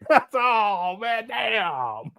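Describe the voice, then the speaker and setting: A man's voice: sits high, sing-song, very slow, vocal fry, bright, forceful tone. A man in his late forties hosting a casual reaction commentary, mocking and laughing as he talks. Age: 40s. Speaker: commentary host.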